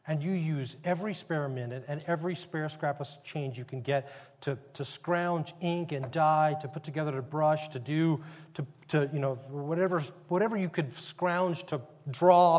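High-voiced male pastor in echoing hall. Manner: conversational, animated storytelling with frequent restarts. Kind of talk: sermon.

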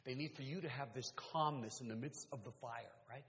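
A male pastor preaching a sermon, swinging from quiet, intimate talk to loud, fervent exhortation. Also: mid-range voice, fairly quick, big-room sound, a little hiss or hum.

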